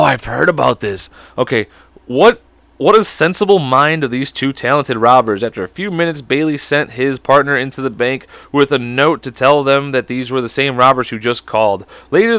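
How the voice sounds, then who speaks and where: A man's voice: medium pitch, fairly bright tone, no room sound. A man with an American accent hosting a comedy podcast, reading aloud with stumbles, swearing a lot and drifting off topic. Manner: profane, goofy, drifts off topic, puts on silly voices; stumbles over words while reading. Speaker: podcast host. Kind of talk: rambling comedic podcast monologue.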